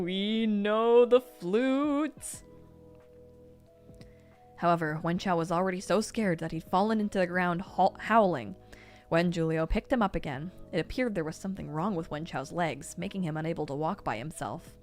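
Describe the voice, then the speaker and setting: A woman reading a novel aloud on a stream, expressive and sometimes laughing. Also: sits low. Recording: faint music behind.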